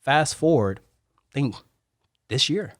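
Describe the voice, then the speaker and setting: A man, a Marine, telling stories as a guest on a podcast interview in an animated way. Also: medium pitch, dry recording, studio quality. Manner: animated, rapid storytelling.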